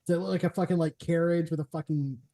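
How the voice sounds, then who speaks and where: A man's voice: a little high, fairly even intonation, quick pace, dark tone. A man hosting a live stream, chatting casually and rambling, swearing freely and laughing often. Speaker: streamer host.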